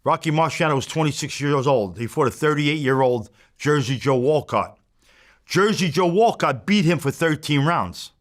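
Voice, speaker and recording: A man's voice: on the high side, a bit bright. A man as an interview guest, telling a story bluntly with plenty of swearing and re-enacted back-and-forth. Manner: blunt, profane, re-enacts exchanges as he tells them.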